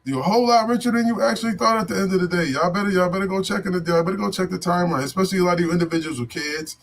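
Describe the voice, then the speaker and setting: A man's voice: high-pitched, very fast, gravelly, a little hiss or hum. Preachy man in slang-heavy street talk. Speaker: vlogger. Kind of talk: unscripted motivational talk.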